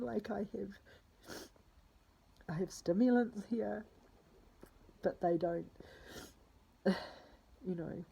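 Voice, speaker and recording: A woman's voice: medium pitch, drawn-out words, pauses often, mellow, low-quality recording. A distraught woman talking through a personal spoken diary, rambling and swearing, often dropping into a whisper. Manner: drops to a husky whisper.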